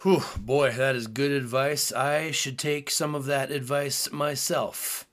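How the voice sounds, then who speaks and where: A man's voice: mid-range voice, steady tone, takes it slowly, fairly bright tone. A man hosting his own podcast, talking in a casual, earnest, musing way with frequent fillers. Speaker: podcast host. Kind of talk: casual solo podcast talk.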